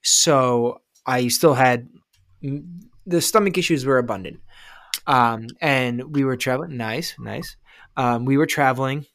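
A man telling a rambling, profane story in casual chat, acting out quotes loudly and excitedly. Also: medium pitch, a little slow, no room sound.

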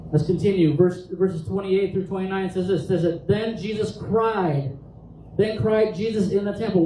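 A man's voice: high voice, mellow, slight background noise. A male pastor preaching a Pentecost sermon, reading scripture aloud with impassioned emphasis. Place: church sanctuary. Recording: echoey church room, distant mic.

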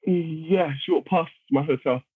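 A man telling a story on a podcast in a casual, animated way. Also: fairly high pitch, a little slow, husky. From London, England. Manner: animated, acts out other people's lines while telling stories. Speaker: podcast guest. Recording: phone-like narrow sound.

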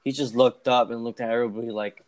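Young male podcast co-host, rapid casual storyteller, profane, mimics others. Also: medium pitch, steady tone, a little mellow. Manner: fast, profane, acts out quoted voices.

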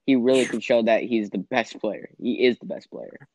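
A man's voice: mid-range voice, normal speed, darkish tone, lo-fi sound. A man giving confident, opinionated takes on baseball in casual chat.

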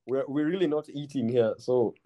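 A young man with a Kenyan accent, hosting a casual podcast chat and telling a story, full of "bro" and "man" and quick restarts. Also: mid-range voice, dark tone, dull audio. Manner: slangy, repeats "bro" and "man", many restarts. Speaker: podcast host.

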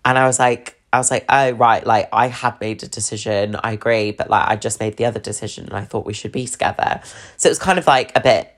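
A woman's voice: extremely low pitch, fast. Chatty, swearing British woman telling dating stories. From England. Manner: chatty, fillers like "like", swears freely, laughs mid-story. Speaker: podcast host. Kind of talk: casual storytelling about dating.

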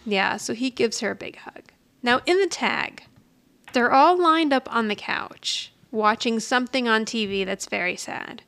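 A woman's voice: fairly high pitch, measured pace, gravelly, fairly bright tone. A woman co-hosting a podcast, casually retelling a sitcom episode and quoting its characters with frequent laughs. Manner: chatty storyteller, quotes characters, laughs often. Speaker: podcast co-host.

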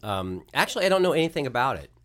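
A voice actor guest in casual chat, a man answering questions in a relaxed, thoughtful way with frequent restarts. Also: mid-range voice, very fast.

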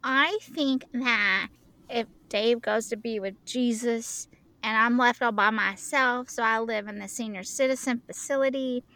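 A woman's voice: a little high, steady tone, a little slow, bright, forceful tone. A woman co-hosting a podcast, chatting casually and playfully, often joking and slipping into silly voices. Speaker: podcast co-host. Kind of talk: casual chat.

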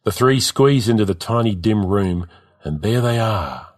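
Low-voiced male story narrator. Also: lively intonation, measured pace, darkish tone, no echo, studio quality.

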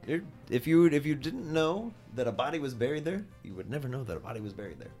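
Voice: medium pitch, very animated, quick pace, darkish tone, soft background music. A game master narrating a tabletop game in a playful way, sometimes chanting creature noises.

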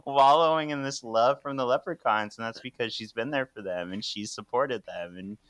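A man co-hosting a podcast in casual chat, relaxed and opinionated, dropping in short agreements. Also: medium pitch, moderate pace, no room sound. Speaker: podcast co-host.

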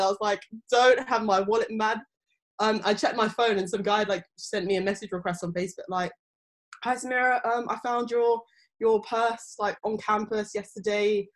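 Rambling young woman telling stories. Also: mid-range voice. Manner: rambling storytelling with many fillers. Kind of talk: casual chat.

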